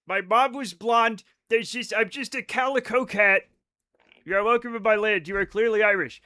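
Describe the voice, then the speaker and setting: An excitable man with a high, bright voice chats casually with his stream viewers while he plays. He swears freely and keeps drifting into rambling asides. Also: normal speed. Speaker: livestreamer playing a space game. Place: home at night.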